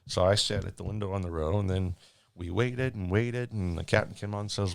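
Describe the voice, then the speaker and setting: A man working as a flight attendant, telling a story in a rambling, animated way with many restarts. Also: deep voice, a little fast, gravelly, no room sound. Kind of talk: casual storytelling.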